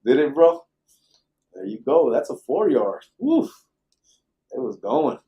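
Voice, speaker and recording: A middle-aged man talks at a mid pitch, easygoing and foul-mouthed. He reads out viewer comments and jokes with his co-host on a live late-night podcast. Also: big pitch swings, slow pace, highs cut off. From Arizona. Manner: laid-back, profane, laughs often.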